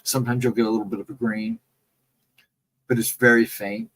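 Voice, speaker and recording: A man's voice: on the low side, level tone, brisk, fairly bright tone, slight background noise, rough recording. A man hosting a casual late-night livestream, telling rambling folksy stories and answering his chat. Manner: rambling, folksy storytelling with restarts; reads out chat comments and answers them. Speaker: livestream host.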